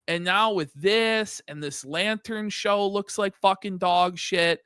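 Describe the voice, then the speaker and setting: Bright-voiced sarcastic man. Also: sits high, measured pace, few pauses, clear, resonant tone, no room sound, studio quality. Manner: sarcastic, profane. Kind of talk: casual commentary chat.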